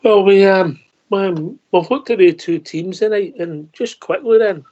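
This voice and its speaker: A man's voice: high voice, unhurried, warm tone. A man hosting a radio phone-in, chatty and friendly with callers. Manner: friendly, calls people mate. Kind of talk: casual radio chat. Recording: muffled lo-fi audio.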